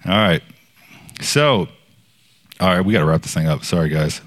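A man preaching informally, telling a personal story in a casual, rambling way with many fillers, his voice jumping up when he quotes others. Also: moderate pace. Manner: animated when quoting others, voice jumping high.

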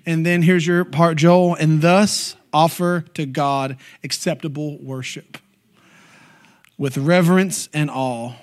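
A man's voice: fairly high pitch, fairly even intonation, slow pace. A man reading a Bible passage aloud and reflecting on it earnestly.

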